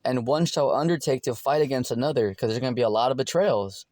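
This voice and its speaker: A man's voice: medium pitch, fast talker, darkish tone, no room sound. Profane, rambling preacher man. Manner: loose and profane, acts out voices of others, many fillers. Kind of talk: casual street-style Bible teaching.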